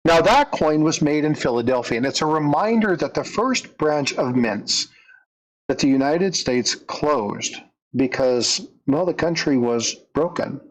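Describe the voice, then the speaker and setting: A man, a storyteller who hosts a coin channel, narrates a story conversationally and leans into the dramatic moments. His voice is medium-pitched on a rough recording.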